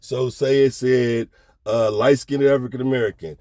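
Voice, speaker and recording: A middle-aged man telling a story in a casual, animated way, heavy on slang, and often checking that the listener is following. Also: medium pitch, moderate pace, no echo.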